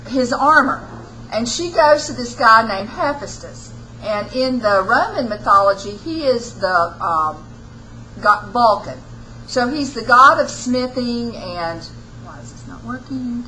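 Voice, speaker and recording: Woman teaching, bright folksy voice. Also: on the high side, slight background noise, poor audio. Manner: folksy storytelling, acts out quotes in casual speech. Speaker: college literature instructor. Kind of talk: lecture retelling a story.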